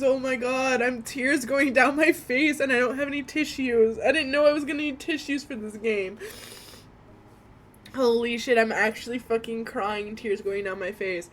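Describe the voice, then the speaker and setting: Young woman streamer, fairly high voice, gushing, expressive reactions, casual swearing. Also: normal speed, faint music behind. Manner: emotional, expressive, swears and laughs often. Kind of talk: reading a visual novel aloud with reactions.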